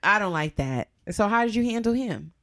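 A woman co-hosting a podcast, chiming in with lively jokes and reading posts aloud. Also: mid-range voice, moderate pace, a loud crowd. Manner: lively, joking interjections. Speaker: podcast co-host.

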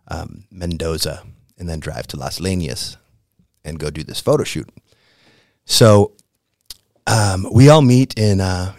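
A man's voice: low-pitched, no room sound, clean studio sound. Slangy laid-back man from the Midwest. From American Midwest. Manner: laid-back, slangy, animated when excited. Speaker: podcast guest. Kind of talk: casual storytelling.

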